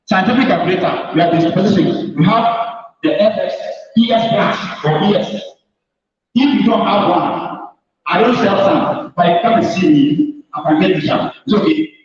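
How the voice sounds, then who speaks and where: A man's voice: high-pitched, moderate pace. A man from Ghana, a mathematics teacher, giving an emphatic orientation talk to new students and addressing them directly. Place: large hall. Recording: echoey hall, distant mic, dull sound.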